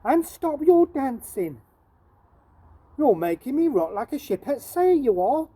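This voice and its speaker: A woman voicing a cross middle-aged woman shopkeeper who shouts and scolds. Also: very animated, unhurried, slightly rough, exaggerated voice. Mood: scolding. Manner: shouting, scolding, much higher than her own voice.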